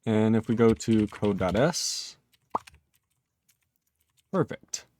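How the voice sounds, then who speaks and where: A man's voice: on the low side, lively intonation, slow pace, darkish tone, a little hiss or hum. A man live-streaming his programming work, thinking aloud in casual talk, chuckling often and chatting with his viewers.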